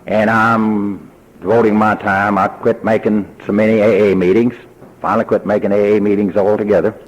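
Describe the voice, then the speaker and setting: Husky older Texan man telling his story. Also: lowish voice, flat delivery, moderate pace, rough recording. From Texas. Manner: folksy storytelling, acting out remembered dialogue. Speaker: speaker at a recovery convention. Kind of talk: personal testimony.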